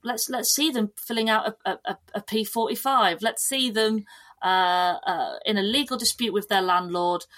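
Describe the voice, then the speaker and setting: Animated woman guest chatting. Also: medium pitch, moderate pace. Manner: lively, animated, lots of restarts and laughter. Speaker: podcast guest. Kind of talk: casual chat.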